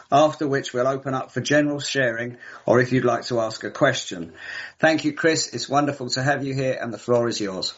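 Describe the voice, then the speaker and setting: A man's voice: medium pitch, fairly bright tone. Meeting chair: man, polite formal welcome, muffled lo-fi sound.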